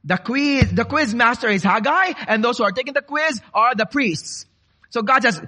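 Male preacher, from the Philippines, bright tense voice, lively pitch, quizzing congregation. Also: normal speed. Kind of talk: sermon.

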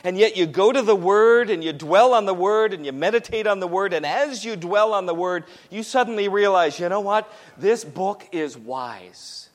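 A man's voice: high voice, fairly quick, hardly any pauses, long reverb tail. A man preaching a sermon to a congregation, emphatic and repetitive as he presses each point home. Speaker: pastor.

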